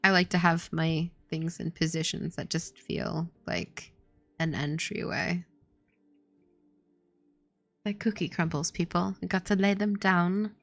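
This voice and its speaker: A woman game developer talks her way through her work on a stream, slow and unhurried, with a gravelly, creaky edge to her voice. Her chat is casual and rambling, full of "like" and little giggles. The sound is dry and close, with soft music faint behind her. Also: fairly low pitch, flat delivery, no echo.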